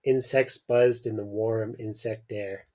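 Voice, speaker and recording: A man's voice: on the low side, fairly even intonation, slow, darkish tone. A man host reading a weird children's story aloud on a podcast with dramatic emphasis. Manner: dramatic reading, breaks into laughter.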